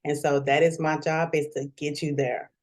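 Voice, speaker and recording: A woman's voice: sits low, flat delivery, moderate pace, a little mellow. Tearful, grateful middle-aged woman. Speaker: interview guest. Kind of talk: emotional interview.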